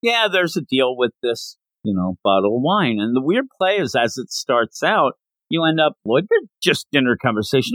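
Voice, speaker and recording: A man hosting a casual manga podcast, retelling scenes in an animated way and slipping into quick character voices. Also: medium pitch, no room sound. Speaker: podcast host.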